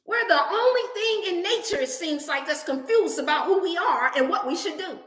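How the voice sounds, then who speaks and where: A woman hosting a motivational wellness livestream, preaching in an animated, scripture-laced way. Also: extremely high pitch, normal speed, echoey room. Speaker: wellness channel host.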